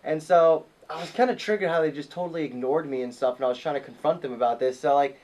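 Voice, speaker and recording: High-voiced man telling a wild story. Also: fast. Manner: profane, excitable storytelling. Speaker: podcast host. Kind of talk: casual storytelling.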